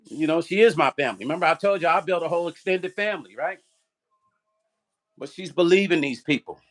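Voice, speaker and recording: An older man hosting a vlog, telling a story straight to his viewers in an animated, profane way. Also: a little high, brisk. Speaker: vlog host. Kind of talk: casual livestream storytelling.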